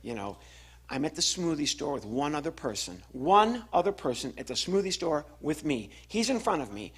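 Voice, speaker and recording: A stand-up comic delivers an animated story at a moderate pace, voicing the people in it, before a laughing audience at a live venue. His voice is fairly high-pitched with a breathy edge.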